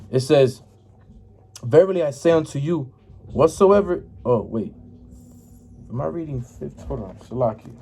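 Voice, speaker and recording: An informal scripture lesson comes from a religious teacher who reads and explains verses casually and repetitively, checking in with "right?" and "man" and stumbling as he hunts for verses. His medium-pitched voice is dark in tone, and there is a little hiss or hum.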